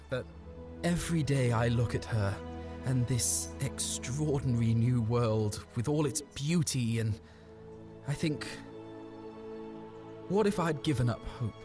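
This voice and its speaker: A man's voice: mid-range voice, natural voice. An actor playing a heartfelt, reflective man in a video game who speaks of finding happiness. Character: grateful man, content and tender. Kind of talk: game voice acting. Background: game music.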